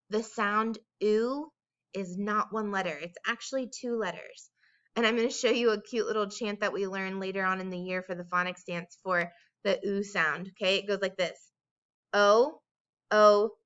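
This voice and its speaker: A woman teaching young children in a recorded dictation lesson, with a bright, smooth voice. She talks slowly in a sing-song way and draws out each sound of a word. The recording is a little dull and lo-fi. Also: mid-range voice.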